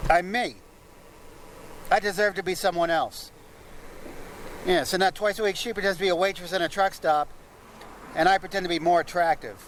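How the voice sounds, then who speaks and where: A man performing stand-up one-liners outdoors on a city street, delivering them deadpan with muttered asides between jokes. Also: high voice, low-quality recording. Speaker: street comedian. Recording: street recording with loud traffic noise. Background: traffic noise, passing vehicles.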